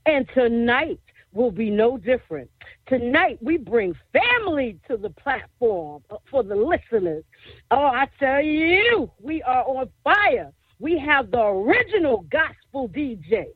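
A woman's voice: sits high, sing-song, a little slow, husky, no room sound. A woman hosting a gospel radio show with exuberant energy, laughing often and repeating her catchphrases, heard over a tinny phone line.

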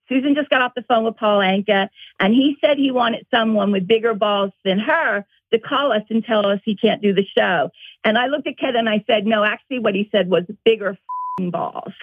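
A woman with a slightly high voice tells stories with lively energy and laughs along the way. Her voice comes through a tinny, phone-like line. The sound is dry. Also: normal speed, no room sound. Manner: animated, laughing, acts out quotes. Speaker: guest, former colleague. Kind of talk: casual storytelling.

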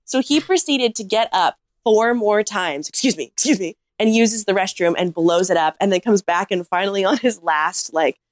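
A woman, a podcast guest, telling a comic story in a casual, animated way with lots of "like.". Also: medium pitch, normal speed, few pauses, dry recording, clean studio sound. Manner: animated anecdote-teller, heavy use of "like".

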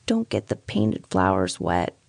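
A woman's voice: on the high side, expressive, normal speed, creaky, no room sound, voice pushed up. A woman doing a feeble, frightened spinster. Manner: feeble and faltering.

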